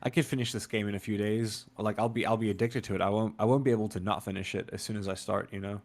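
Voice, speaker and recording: A man's voice: lowish voice, steady tone, fast talker. A man co-hosting a games podcast in casual chat, easygoing and wry, often tagging his points with "you know". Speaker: podcast co-host.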